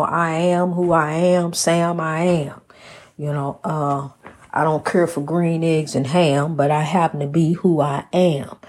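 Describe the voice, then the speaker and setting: In a deep, slightly mellow voice, a woman delivers a casual devotional on her Christian inspirational show. She talks in a homespun, plain way, calls listeners honey, and repeats lines with preacher-like force.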